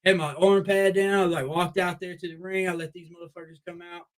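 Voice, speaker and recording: Young wrestler guy swearing thru an animated story, bit high voice. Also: brisk, rough recording. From Memphis Mid-South area. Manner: profane, animated, repeats "I was like". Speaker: wrestler guest. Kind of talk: casual storytelling.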